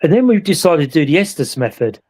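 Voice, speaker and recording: A man recounting a ghost investigation in casual chat, acting out the voices in his story with animated energy. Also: a little high, fairly quick. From England. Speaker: paranormal investigator.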